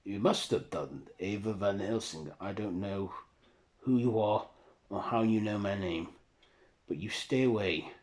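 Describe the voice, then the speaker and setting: A man voicing a wary, sharp-tongued young woman who works as a nurse, talking quick and guarded. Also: fairly low pitch, natural voice. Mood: defensive.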